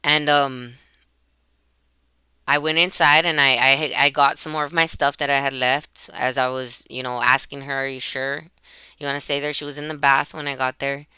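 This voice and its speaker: Woman vlogger, webcam monologue; very bright, crisp voice, dry sound, emotional and rambling delivery. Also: very deep voice, little pitch movement, moderate pace, no echo. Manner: emotional, rambling, restarts and repeats herself. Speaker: YouTuber. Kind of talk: personal vlog monologue. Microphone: computer webcam.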